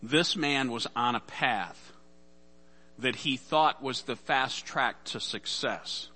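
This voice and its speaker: A man's voice: mid-range voice, slow, sharp tone. A man preaching a sermon as pastor, casual and conversational, acting out the voices in Bible stories.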